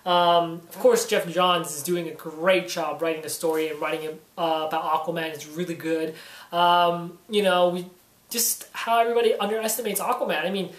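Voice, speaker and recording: A man's voice: high-pitched, steady tone, moderate pace, fairly bright tone. A man giving a casual spoken comic book review, rambling and leaning heavily on "you know" fillers. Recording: roomy echo.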